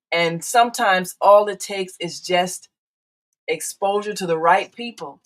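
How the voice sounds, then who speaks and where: A woman's voice: mid-range voice, rough recording. An older woman hosting a live call-in talk show, chatty, with frequent fillers and restarts. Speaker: show host.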